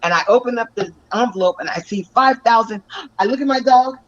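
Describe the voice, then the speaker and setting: Excited woman telling stories, dull audio. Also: on the high side, brisk. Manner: animated, laughs often, lively storytelling. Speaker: actress and stunt performer. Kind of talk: excited storytelling in an interview.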